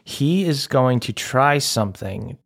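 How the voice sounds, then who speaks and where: A man's voice: medium pitch, lively intonation, slow. Thoughtful man at a game table. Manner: thoughtful, hesitant, with many fillers. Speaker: player.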